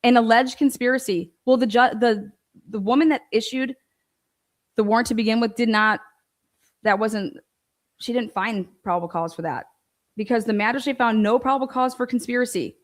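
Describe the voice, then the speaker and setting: A woman's voice: a little high, moderate pace. A woman host giving heated, profane commentary on a court ruling, exasperated and ranting in outbursts of disbelief. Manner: animated, rising into outbursts of disbelief. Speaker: show host and legal commentator.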